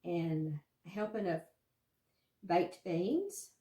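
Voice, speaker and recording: A woman's voice: lowish voice, big pitch swings, very slow, dark tone. Folksy Southern woman in an echoey kitchen. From Southern United States. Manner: folksy, chatty, encouraging. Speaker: cooking channel host. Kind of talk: casual cooking demonstration. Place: home kitchen.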